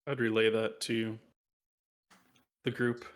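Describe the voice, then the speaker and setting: A man playing a tabletop game, relaxed, describing what his character does. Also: medium pitch, moderate pace. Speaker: player. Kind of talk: casual tabletop game chat.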